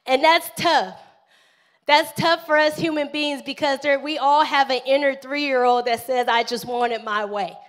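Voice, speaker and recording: High-voiced woman pastor preaching. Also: moderate pace. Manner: animated preaching, calls for amens, acts out prayers. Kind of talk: live sermon.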